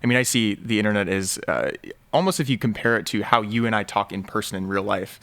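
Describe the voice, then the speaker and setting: A man speaking as a guest on a tech panel, explaining things quickly with plenty of fillers. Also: on the low side, vocal fry, fairly bright tone, no echo. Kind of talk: casual roundtable chat.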